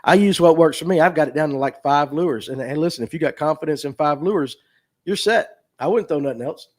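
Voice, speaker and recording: A man's voice: on the high side, brisk. Folksy North Georgia man with a drawl. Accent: North Georgia Southern drawl. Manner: folksy, chatty, answers chat questions aloud. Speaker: fishing show host. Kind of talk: casual livestream talk reading viewer comments.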